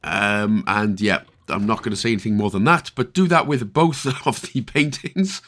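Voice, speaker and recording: Speaking at a moderate pace in a fairly low, slightly bright voice, a Northern Irish video game guide creator gives casual walkthrough commentary. He's chatty throughout, tossing in jokey asides.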